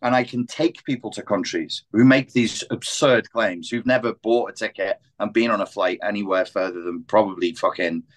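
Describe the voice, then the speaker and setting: A man's voice: on the low side, normal speed, few pauses. A man in a heated podcast discussion, ranting with exasperation and swearing often. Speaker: podcast host.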